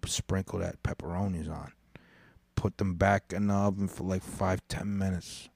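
A man's voice: low voice, steady tone, moderate pace, vocal fry, a little mellow, slight background noise. A man hosting a podcast, ranting in a rambling, profane way and stumbling over his words. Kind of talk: casual rant.

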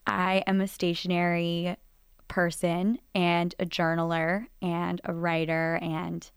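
A woman's voice: fairly low pitch, level tone, slow, clear, resonant tone, dry recording, studio quality. A young woman co-hosting a podcast, chatting with her friend in an enthusiastic, casual way. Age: young adult. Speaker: podcast co-host.

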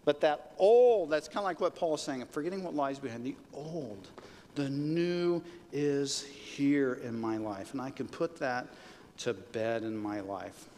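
A pastor preaching a sermon in a conversational way, rising to emphatic peaks, in a church sanctuary. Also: male voice, medium pitch, a little slow, a little mellow, a little hiss or hum. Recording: long reverb of a large hall.

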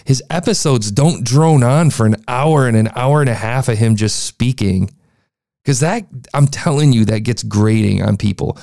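A young man talks through a podcast review in a loose, chatty way, often restarting his sentences. His voice is gravelly and dark. The sound is dry and close. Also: medium pitch, normal speed, no echo. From United States. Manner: chatty, frequent restarts and fillers. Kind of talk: casual critique commentary.

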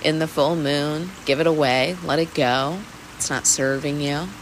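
Someone hosting a weekly mindfulness talk speaks candidly and casually in a mid-range voice, with fairly even intonation and a measured pace. It's a reflective self-help chat with occasional laughing and swearing, against a noisy background of rain.

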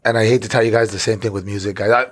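A man's voice: fairly low pitch, fairly even intonation, very fast. A foul-mouthed man in loose chat. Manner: loose, swears a lot, trails off mid-sentence. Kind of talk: casual chat. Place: brewery.

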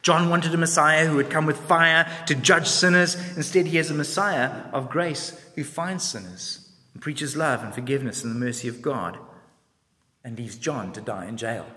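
A man's voice: fairly high pitch, normal speed. A man preaching a sermon, telling the story expressively and asking reflective questions. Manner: expressive storytelling, acts out voices. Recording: long reverb in a large hall.

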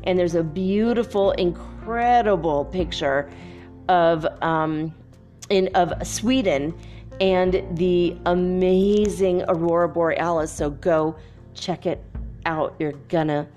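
A young woman, a spiritual vlogger, tells a story in a dreamy, casual monologue full of "like," switching to a higher voice when quoting others. She speaks slowly with a darkish tone, faint music playing behind her.

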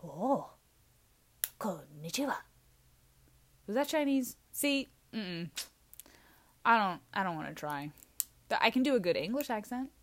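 A young woman vlogging in a rambling, scattered way, goofy and self-mocking, with sudden loud outbursts. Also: mid-range voice, expressive, moderate pace, pauses often. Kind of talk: rambling casual monologue.

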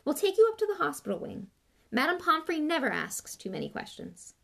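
A woman voicing an earnest teenage boy wizard who speaks quickly and reassuringly, in a storybook reading. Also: high voice, very animated, vocal fry, fairly bright tone, pitched above the performer's own voice, exaggerated voice.

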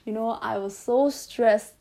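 A woman's voice: a little high, slow pace, vocal fry, dark tone. A young woman from Malaysia telling a personal story in a candid, rambling way, swearing freely, with audible breathing on a close mic. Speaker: vlogger. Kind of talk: casual storytelling monologue.

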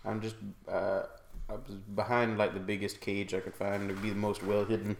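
A man's voice: fairly low pitch, little pitch movement, moderate pace, gravelly. A man playing in a tabletop game, laid-back as he describes his character. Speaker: player. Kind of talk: casual game talk. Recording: echoey room, faint noise.

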